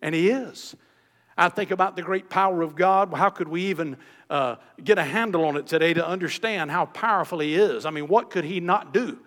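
A male pastor preaching a sermon, swinging from emphatic raised peaks to quiet, low drops. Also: brisk. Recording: long hall reverb.

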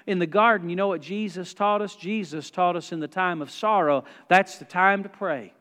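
A man preaching a sermon, folksy in his storytelling, dropping to a hush and then rising loud. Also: high voice, normal speed, long reverb tail. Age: 40s. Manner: folksy, swings from hushed to loud. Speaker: pastor.

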